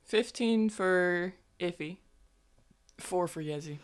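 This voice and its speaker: Woman player chatting at the table, low voice, slow and laid back. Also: clear, resonant tone. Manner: slow, short replies. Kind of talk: casual tabletop game play.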